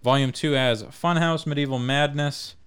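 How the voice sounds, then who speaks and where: A man's voice: a little high, fairly even intonation, moderate pace, fairly bright tone, smooth. A man co-hosting a podcast in casual banter, joking, laughing often and swearing freely. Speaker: podcast co-host.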